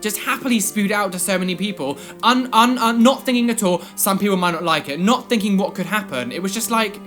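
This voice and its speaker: A young man in his twenties, a vlogger telling a personal story in an animated, rambling way full of fillers. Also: high voice, a little fast, soft background music.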